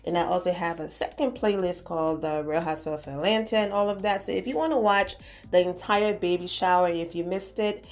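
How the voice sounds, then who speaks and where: Chatty woman hosting celebrity gossip. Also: lowish voice. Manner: chatty, emphatic and opinionated. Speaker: host of an entertainment news channel. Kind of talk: casual celebrity gossip commentary.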